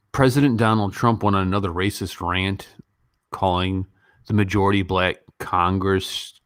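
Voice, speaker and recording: A man in his late forties from Gary, Indiana, hosting a casual live chat and answering viewer questions. His voice sits very low and sounds dry and close, with no room around it. He delivers sardonic, deadpan quips between lots of ums. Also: no room sound. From Gary, Indiana, United States.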